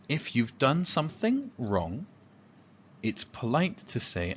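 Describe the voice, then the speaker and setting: A man teaching young children about manners, speaking slowly with a lively, rising and falling pitch. He acts out the examples himself, sometimes in a high child's voice. The recording sounds slightly dull, with faint noise behind him.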